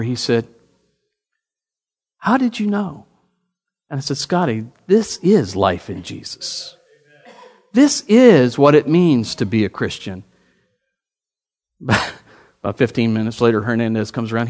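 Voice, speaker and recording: At a normal speed and in a mid-range voice, a pastor preaches with big-room acoustics. He tells a story using quoted dialogue, his animation mounting until he's making emphatic calls to the congregation.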